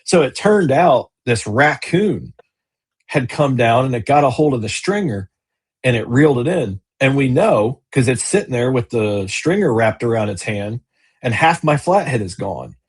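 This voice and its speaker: A man's voice: mid-range voice, animated, normal speed, breathy edge. A man, a business owner and kayak angler, chatting casually in an interview over a video call, rambling with fillers and restarts.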